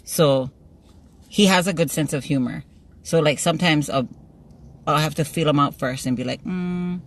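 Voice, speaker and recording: This vlogger, a middle-aged woman, talks at normal speed in a low voice while chatting to her phone camera from a parked car. She laughs a lot and spins playful stories.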